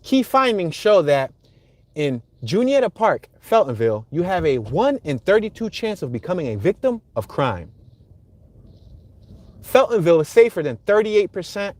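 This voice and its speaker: Male street-tour streamer, relaxed and talkative, speaking from behind the wheel. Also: sits high, normal speed, no echo. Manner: chatty, reads viewer comments aloud and greets chatters. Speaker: livestream host driving a neighborhood tour. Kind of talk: casual live commentary while driving. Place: inside a car on city streets.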